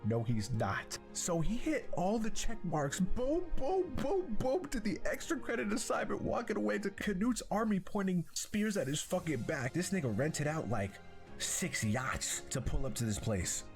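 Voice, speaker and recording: A man hosting an anime reaction, casual slangy commentary that is animated and profane and full of laughs. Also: sits high, normal speed, faint music behind.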